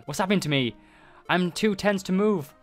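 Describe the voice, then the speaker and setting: A man hosting a let's play, excitable, reacting to the story with quick exclamations. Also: sits high, faint music behind.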